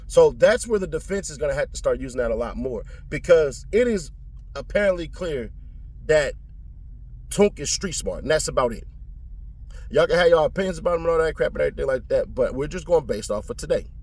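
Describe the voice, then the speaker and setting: A man giving casual commentary on a court trial, talking bluntly and profanely in slang, and jumping up in pitch to make a point. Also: animated, brisk, darkish tone, breathy edge.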